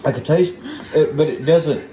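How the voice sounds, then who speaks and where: A man's voice: a little high, normal speed, warm tone, echoey room, a little hiss or hum, rough recording. A man taste-testing a home-cooked meal on a cooking vlog. He is laid-back, talks while chewing, and teases dryly. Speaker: husband taste-testing the food. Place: home kitchen.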